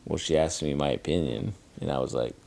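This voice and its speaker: Deep-voiced man in candid chat. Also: fairly quick, vocal fry, a little mellow, dry recording. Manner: candid, swearing, acts out quoted dialogue. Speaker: podcast co-host. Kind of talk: casual chat.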